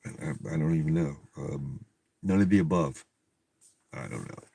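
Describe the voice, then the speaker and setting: A man's voice: a bass voice, moderate pace, gravelly, warm tone, slightly rough, no echo. A man reading a storybook aloud and breaking off for profane, incredulous comic commentary. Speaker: reader and commentator. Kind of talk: comedic read-aloud with commentary.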